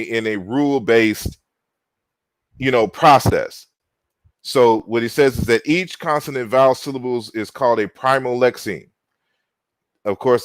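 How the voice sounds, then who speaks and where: A man giving an online lecture and walking through slides, talking in an unhurried way with many fillers and restarts. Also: medium pitch, no echo. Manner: unhurried, frequent "you know" fillers and restarts.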